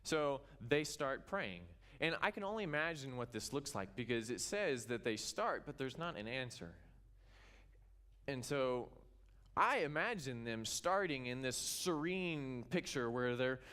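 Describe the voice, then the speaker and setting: A pastor from Kansas preaching a sermon in church, retelling a scripture story with animated storytelling and acting out its characters. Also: male voice, medium pitch.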